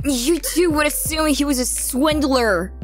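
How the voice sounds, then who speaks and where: A woman's voice: high voice, a little slow, over music. A woman voicing a flustered young noble son, whiny and defensive. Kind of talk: live manga reading with voices.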